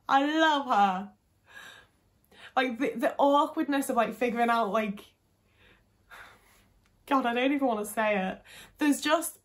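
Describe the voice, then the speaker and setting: A young woman talking casually to camera, chatty and full of fillers, with some swearing. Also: on the high side. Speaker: vlogger.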